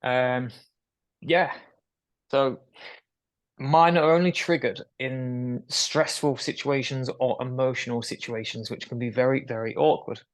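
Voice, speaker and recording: A man's voice: mid-range voice, fairly even intonation, unhurried. A young man, a guest in an interview, telling his story frankly with occasional nervous laughs. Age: young adult. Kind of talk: candid conversational interview.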